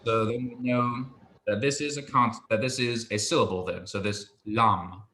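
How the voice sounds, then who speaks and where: Guy tutoring hebrew one on one, patient, lowish bright voice, echoey room. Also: steady tone, a little hiss or hum. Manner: patient, explains slowly and checks understanding. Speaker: Hebrew teacher.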